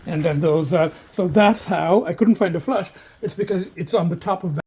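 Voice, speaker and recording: A man's voice: sits high, moderate pace, warm tone, breathy edge. A man in a casual vlog telling a rambling story with swearing, talking into a handheld camera near his car on rural roads. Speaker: vlogger.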